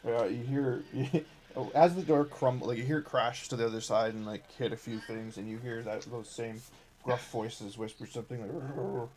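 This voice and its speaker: Halting male dungeon master. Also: medium pitch, fairly even intonation, noisy background. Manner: halting, many fillers and restarts. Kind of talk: narrating a tabletop game. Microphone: streaming setup with cameras.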